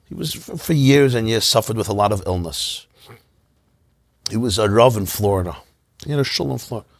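Rabbi giving a relaxed class; husky, dry, conversational, animated asides. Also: male voice, lowish voice, a little fast, dry recording. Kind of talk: informal Torah class. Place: synagogue.

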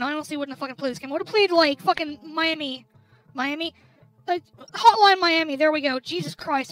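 Foul-mouthed woman gamer, high and bright. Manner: loud cursing outbursts at the game; grumbling under her breath between outbursts. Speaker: gaming channel host. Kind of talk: let's play commentary while drinking. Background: game music.

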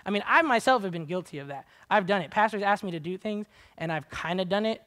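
A man delivers a conversational sermon, fast and animated, casual and chatty with lots of "like" fillers. He swings between quiet asides and loud, high-pitched exhortation.

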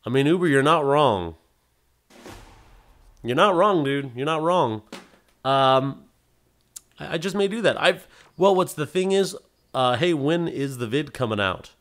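A young man streaming a game live, rambling casually while reading chat aloud and breaking into hyped shouts. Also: a little high, lively intonation, unhurried, long pauses. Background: music.

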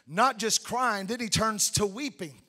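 A man preaching a sermon, fervent, swinging between shouted peaks and hushed tender asides. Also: sits high, unhurried. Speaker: pastor. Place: church sanctuary.

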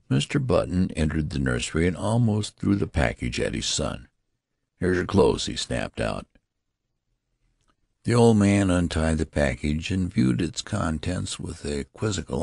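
A man reading an audiobook aloud in a slow, measured way, giving the dialogue lively voices. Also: extremely low pitch, gravelly, no room sound, clean studio sound. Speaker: audiobook narrator. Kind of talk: scripted audiobook narration.

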